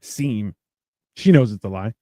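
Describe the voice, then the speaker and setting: A man co-hosting a casual podcast, telling stories with acted-out voices and deadpan, crude humor. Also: on the low side, unhurried, no room sound, studio quality. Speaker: podcast co-host. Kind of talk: casual chat.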